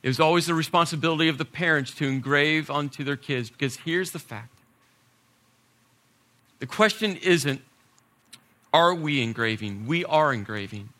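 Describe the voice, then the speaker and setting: A middle-aged man preaching a sermon as a pastor, telling stories and building to emphatic points before dropping his voice low. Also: a little fast, hardly any pauses. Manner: storytelling preacher, rising to emphasis then dropping soft.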